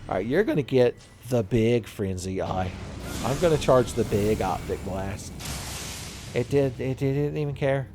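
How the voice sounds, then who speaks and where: A man's voice: mid-range voice, expressive, measured pace, over music. A man hosting a let's play, giving profane, sarcastic gameplay commentary and laughing at his own jokes.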